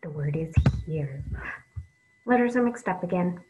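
A woman reading teacher giving an online phonics lesson, slow and patient, drawing out letter sounds with soft whispered asides. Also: fairly low pitch, expressive, background noise.

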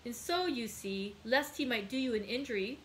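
A woman reading aloud, voicing a frail, gentle elderly father in a slow, soft manner. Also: on the high side, slight background noise, lightly acted, rough recording.

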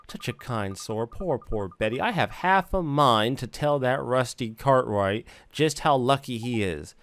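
A man's voice: mid-range voice, close to an everyday voice. A man putting on a chattering old neighbour lady. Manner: fussy, chattering, soft-spoken. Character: gossiping kindly old neighbour woman.

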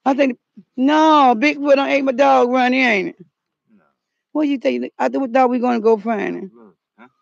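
A high-pitched woman with a drawl, her voice gravelly and rough at the edges. She frets and exclaims her way through a comedic outdoor vlog. The audio is muffled and lo-fi. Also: moderate pace, pauses often. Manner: excitable, frets aloud, calls out a dog's name. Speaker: channel host. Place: outdoors in the cold.

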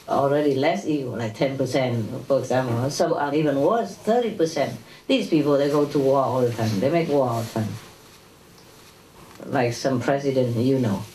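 A woman's voice: low-pitched, warm tone. Woman spiritual teacher, chatty lecture with chuckles and "yeah?" tags; echoey room, faint background noise. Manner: conversational, chuckling, frequent "you know" and "yeah?". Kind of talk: informal spiritual lecture to an audience. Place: lecture hall with audience. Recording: echoey hall, distant mic, faint noise.

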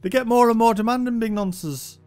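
A man's voice: very high voice, a little fast, a little mellow, faint music behind. A young man giving casual, sweary gameplay commentary, thinking aloud as he plays. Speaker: game reviewer.

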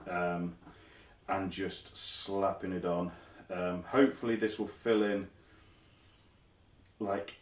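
With a lowish voice, this hobby crafter chats to camera while making tabletop terrain, muttering as he works, wandering off topic, and fixing his own words. The audio comes from a phone camera set some way off, so it sounds roomy and distant.

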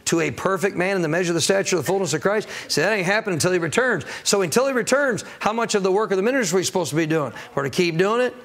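A man's voice: high voice, animated, rapid-fire, hardly any pauses, fairly bright tone. A man preaching a sermon as pastor of a church, calling out to the congregation for answers and acting out people's excuses. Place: church sanctuary.

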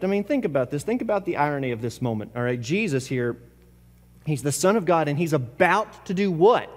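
High-voiced preaching man, echoing hall. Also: sing-song, brisk. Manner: impassioned preaching with repetition and sudden swings between loud and hushed. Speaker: pastor. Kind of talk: sermon. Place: church service.

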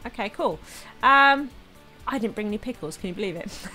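A woman's voice: on the high side, wildly swooping pitch, brisk, pushed and bright. A woman casually commenting while she plays a farming game, chatty and easily delighted. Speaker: gaming video host. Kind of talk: casual let's play commentary. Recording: game music under voice. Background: game music.

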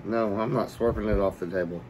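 A man's voice: on the low side, fairly even intonation, a little fast, background noise. A man chatting casually while eating, joking around and talking with food in his mouth. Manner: joking, laid-back, talks with food in mouth.

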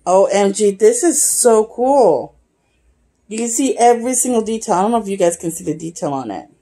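A young woman vlogging casually while unboxing a gift, excitable and gushing, often breaking into giggles. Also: mid-range voice, normal speed. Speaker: YouTube vlogger. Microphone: camera, face not shown.

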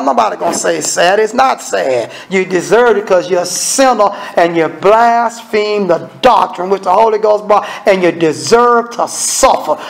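Male preacher, high gravelly voice, folksy, blunt and funny, acts out everyday dialogue. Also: rough recording. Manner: blunt, scolding, humorous. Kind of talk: evening sermon.

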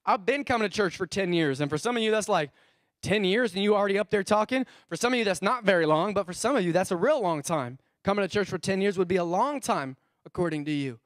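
A male pastor preaching a sermon to his congregation, lively and conversational, with call-and-response. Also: high voice, fast talker, few pauses, dry recording, clean studio sound. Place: church sanctuary.

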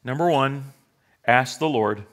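A man's voice: medium pitch, slow, fairly bright tone. A middle-aged male pastor preaching a sermon with humor, sarcastic asides and acted-out quoted voices.

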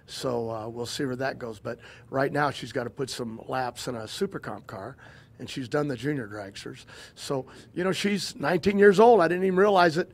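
Older man telling rambling stories. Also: mid-range voice. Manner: rambling, halting, repeats words and restarts. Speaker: guest, drag racing team owner. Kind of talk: casual interview storytelling.

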